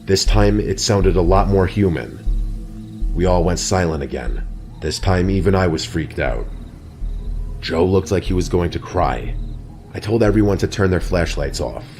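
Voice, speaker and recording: A man narrating a scripted horror story in a steady, even storytelling delivery. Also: low-pitched, a little slow. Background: soft background music.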